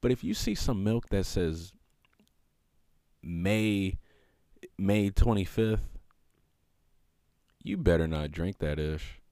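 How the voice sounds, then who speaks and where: A man's voice: low voice, takes it slowly, pauses often, dark tone, no room sound, studio quality. A man hosting a podcast alone, talking in a loose, reflective way, with many fillers and restarts. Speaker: podcast host. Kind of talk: casual reflective monologue.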